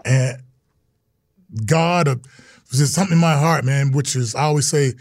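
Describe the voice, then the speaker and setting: A middle-aged former football player tells his stories earnestly in a casual interview, acting out the voices of people he quotes. His voice sits a little high for a man. The sound is close and dry. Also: steady tone, normal speed, dry recording.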